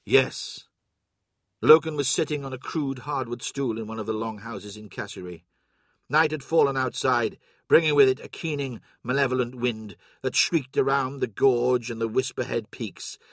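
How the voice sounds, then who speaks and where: Man reading an audiobook, steady storytelling, husky, dry. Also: mid-range voice, moderate pace, no echo. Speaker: audiobook narrator. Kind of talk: scripted narration.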